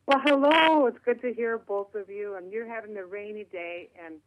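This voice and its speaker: A woman's voice: mid-range voice, fairly even intonation, moderate pace, a little mellow, dry recording. A woman from Minnesota with a Minnesota accent, a guest talking in a chatty, joking way. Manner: chatty, self-deprecating humor. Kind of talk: phone interview. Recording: tinny dry phone line.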